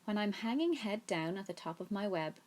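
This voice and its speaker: A woman reading a storybook aloud, voicing a wise, motherly female spider in a calm, reassuring and slightly brisk way. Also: medium pitch, close to an everyday voice. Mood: soothing.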